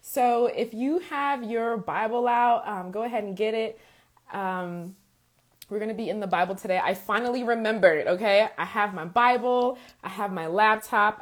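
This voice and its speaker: Raspy-voiced woman hosting a live stream. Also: medium pitch. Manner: chatty, greets viewers by name, keeps asking "okay?". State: raspy from a sore throat. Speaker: faith and life coach, live-stream host. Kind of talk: casual live-stream talk.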